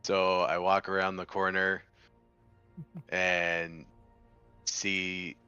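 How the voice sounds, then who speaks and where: A man's voice: low voice, completely flat delivery, drawn-out words, pushed and bright, clean tone, muffled recording, soft background music. A man playing in a tabletop game, casually narrating what his character does. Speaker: player.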